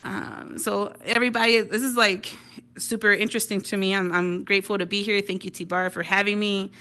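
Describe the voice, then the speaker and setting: Woman stand-up comic from Detroit, bright tone, chatty with constant "right?" tags, on a VR headset mic. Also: mid-range voice, level tone, fairly quick. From Detroit, United States. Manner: chatty, tags lines with "right?", laughs at own jokes. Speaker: stand-up comedian. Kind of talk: stand-up comedy routine. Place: virtual reality social venue.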